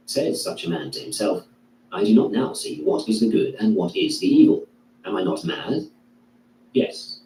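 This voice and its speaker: Male reader, dark tone, measured declaiming delivery of a classical text; roomy, echoey recording. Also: lowish voice. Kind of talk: reading a classical philosophy text aloud. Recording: echoey room, distant mic, faint hum.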